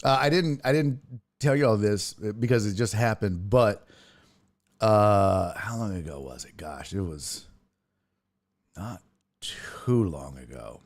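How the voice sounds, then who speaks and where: A man's voice: fairly low pitch, measured pace. A man hosting a sports talk stream, chatting casually in a rambling, profane way and laughing through his stories. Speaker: sports podcast host. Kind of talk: casual livestream chat.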